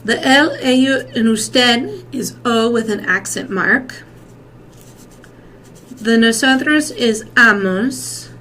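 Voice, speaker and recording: Slow, patient woman teaching Spanish. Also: on the high side, bright, forceful tone, rough recording. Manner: slow, patient, repeats and checks with "okay?". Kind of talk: classroom lesson. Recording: faint background noise.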